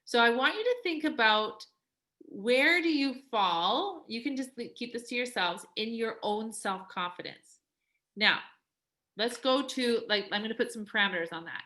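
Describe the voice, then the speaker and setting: A woman's voice: on the high side, animated, normal speed, pushed and bright. A woman life coach talking casually to a live coaching group. She is chatty, says "like" often and acts out quoted voices.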